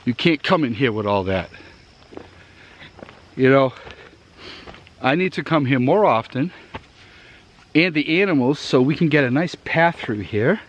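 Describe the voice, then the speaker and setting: In his Massachusetts accent, a breathless gear vlogger hiking outdoors in the woods keeps up a chatty, meandering tour aimed straight at his viewers. He has a mid-range, expressive voice, speaks a little slowly with many pauses, and the lo-fi audio carries slight background noise.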